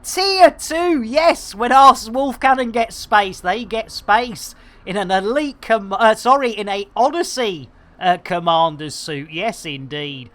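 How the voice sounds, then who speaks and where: A man chatting while streaming a game, rambling and joking with slang, giving lively shout-outs to his viewers. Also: sits high, unhurried. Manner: chatty, jokey, rambling, full of British slang. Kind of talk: live-stream game commentary.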